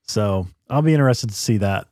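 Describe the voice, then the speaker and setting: Chatty podcast co-host, dry close sound. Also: male voice, on the low side, lively intonation, fairly quick, a little mellow, no echo. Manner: chatty, trailing restarts. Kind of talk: casual chat.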